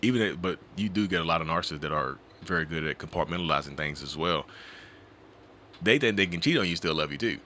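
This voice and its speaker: A low-voiced man speaks quickly in a relaxed podcast chat, with a bright, forward edge to his tone. He tells stories with energy and keeps breaking into little acted voices. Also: a little hiss or hum. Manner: animated, slips into acted voices. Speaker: podcast guest, mental health advocate. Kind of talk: casual podcast conversation.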